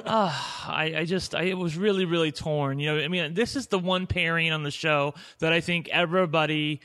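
Bright-voiced man giving frank opinions. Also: fairly high pitch, steady tone, fairly quick. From Indiana, USA. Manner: candid, opinionated, trails off and restarts. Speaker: podcast co-host. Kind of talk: casual chat.

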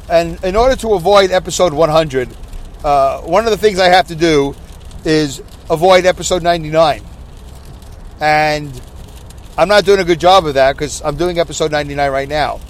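A man hosting a podcast, rambling casually with lots of fillers and self-mocking asides, recorded in his car on a rainy drive. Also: on the high side. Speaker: podcast host. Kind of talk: casual monologue while driving. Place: inside a car on a rainy highway. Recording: recorded in a moving car, faint road noise. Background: rain and road noise.

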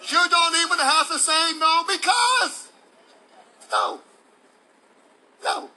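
A man preaches a sermon in a voice pitched unusually high for a man. His tone is bright and forceful. He delivers it emphatically, with playful demonstrations for the congregation. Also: lively intonation, takes it slowly, rough recording. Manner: emphatic, playful preacher who acts out examples. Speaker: pastor.

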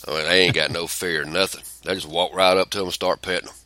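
A middle-aged man with a drawl chats casually on a podcast, his low voice carrying a bright, forceful edge. He is blunt and profane and rambles from story to story. The sound is close and dry. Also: fairly even intonation, quick pace, no echo. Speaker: podcast co-host. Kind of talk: casual chat.

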